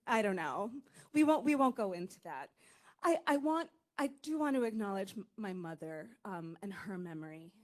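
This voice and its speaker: A woman from Salem reading her poetry live at an arts center, talking haltingly with many fillers and sounding emotional and dry-mouthed. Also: fairly high pitch. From Salem, Massachusetts. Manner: halting, full of fillers and nervous asides. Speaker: poet. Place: arts center event stage before an audience.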